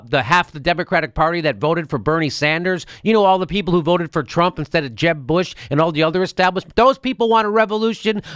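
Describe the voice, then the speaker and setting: A man's voice: high voice, fairly bright tone, no room sound, clean studio sound. A man hosting a political commentary show, ranting heatedly with profanity. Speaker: host and comedian.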